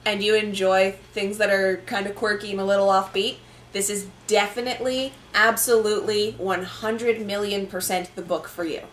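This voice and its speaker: A woman's voice: mid-range voice, fairly even intonation, normal speed. A woman co-hosting a podcast, talking about comics in an upbeat, enthusiastic way. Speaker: podcast co-host. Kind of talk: casual comic review chat. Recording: roomy echo, faint noise.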